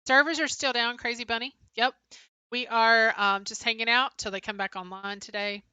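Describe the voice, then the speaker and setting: A woman's voice: a little high, fairly even intonation, moderate pace, bright, forceful tone, clear, resonant tone, no echo. A young woman co-hosting a livestream, casually chatting and answering viewers' comments with frequent "um" fillers. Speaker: livestream co-host.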